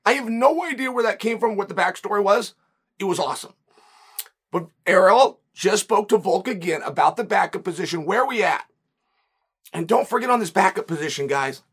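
A man hosting a solo sports podcast while hoarse and losing his voice, talking in a chatty, emphatic, rambling way with a lozenge in his mouth. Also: sits high, fairly bright tone. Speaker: podcast host.

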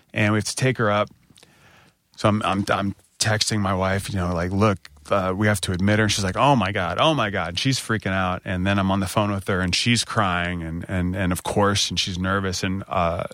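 A man in his thirties with an American accent, co-hosting a podcast and telling a personal story candidly, getting animated when he quotes people. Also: fairly low pitch, no room sound, studio quality. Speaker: podcast co-host. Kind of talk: casual storytelling chat.

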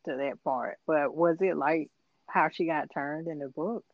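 A woman guest on a casual podcast, animated and giggly, tossing in apologetic asides. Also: low voice, measured pace, lo-fi sound, background noise. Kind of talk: casual chat.

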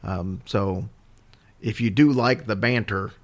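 A man's voice: fairly low pitch, slow pace. A man co-hosting a podcast, chatting in a loose, rambling way about supporting the show. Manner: rambling and easygoing, with fillers. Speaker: podcast co-host. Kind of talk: casual chat.

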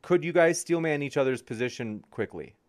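A man's voice: a little high, expressive, fairly quick. Easygoing male livestream host. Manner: easygoing, chuckles while reading. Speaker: host and moderator. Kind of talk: reading chat questions on a livestream.

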